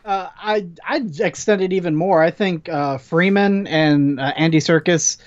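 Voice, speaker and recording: A man's voice: high voice, measured pace. A man co-hosting a podcast, adding enthusiastic praise of the cast in casual chat. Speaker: podcast co-host. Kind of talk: casual movie review chat. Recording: slightly dull lo-fi mic.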